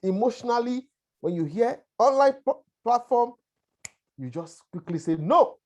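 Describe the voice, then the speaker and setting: A man's voice: extremely high pitch, lively intonation, moderate pace, darkish tone. A man with a lingering cough gives a conversational webinar presentation. He keeps checking in with listeners. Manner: conversational, repetitive, checks in with "all right" and "right". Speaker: presenter on a conference call.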